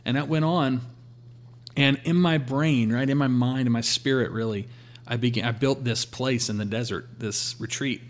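A man sharing a personal faith testimony in a relaxed conversational way, acting out his talks with God. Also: medium pitch, moderate pace. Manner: storytelling, quotes God in a calm voice.

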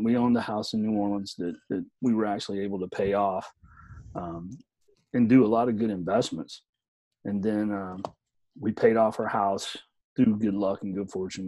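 A man's voice: on the low side, warm tone, dry recording, lo-fi sound. A middle-aged man telling a story in casual chat as a podcast co-host, laid-back, swearing, often saying "man".

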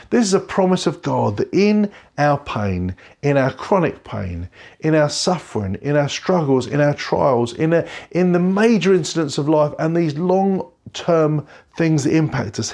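A middle-aged man, a pastor, giving an earnest, heartfelt sermon from a bedroom at home, slowing down on key phrases. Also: on the high side, animated, a little mellow. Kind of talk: recorded sermon.

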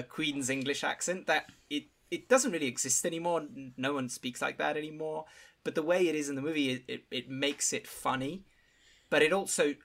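A man with a gravelly, crackly voice and a bright, pointed tone, chatting casually about a film. He talks thoughtfully and often pauses to search for the right word, in a mid-range pitch.

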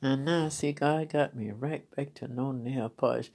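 A woman's voice: rumbling low, fairly even intonation, a little slow, a little mellow, breathy edge. A middle-aged woman preacher giving a personal testimony, telling her story with laughter and feeling. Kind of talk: testimony sermon.

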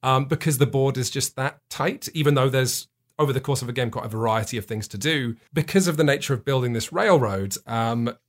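A man hosting a podcast, chatty and self-deprecating as he explains things at length. His voice sits at a middle pitch. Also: brisk. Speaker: podcast host. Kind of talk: casual podcast chat.

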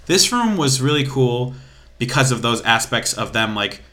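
A man's voice: medium pitch, very animated, moderate pace, bright, forceful tone. A young man co-hosting a casual podcast in an ordinary, mid-range voice. He talks in a chatty way and explains at length, with small restarts along the way. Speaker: podcast co-host.

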